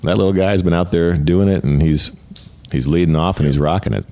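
Very deep-voiced middle-aged American man. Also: a little fast, warm tone. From United States. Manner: earnest, repeats words when starting a thought. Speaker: guest, retired fighter pilot. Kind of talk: casual interview talk.

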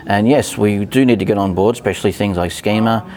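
A man's voice: on the low side, fairly quick, darkish tone, slight background noise. A man speaking as a podcast guest in casual conversation, hesitant, with many fillers and restarts.

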